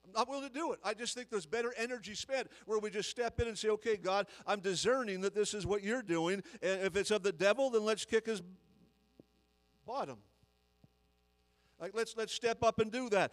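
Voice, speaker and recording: A man's voice: high voice, normal speed, in a large hall, rough recording. A man, a guest preacher, delivering an emphatic sermon full of repetition and rising intensity.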